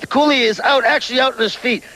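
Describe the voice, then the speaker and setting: A man's voice: very high voice, steady tone, quick pace, pushed and bright, low-quality recording. A man talking over match footage as a wrestling manager, coaching and scornful.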